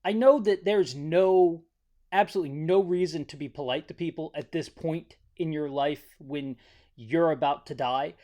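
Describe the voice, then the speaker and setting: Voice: medium pitch, moderate pace, dark tone. A host retelling a horror movie's plot from memory in a rambling, joking way, tripping over words and correcting themselves. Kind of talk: comedic movie recap.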